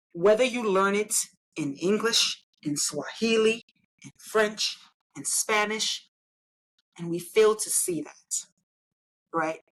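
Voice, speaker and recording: A woman's voice: on the low side, fairly bright tone, low-quality recording. Emphatic woman making her case. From Nigeria. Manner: emphatic, persuasive, often tags points with "right?". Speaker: interview guest, engineer and elected official. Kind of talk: conversational interview.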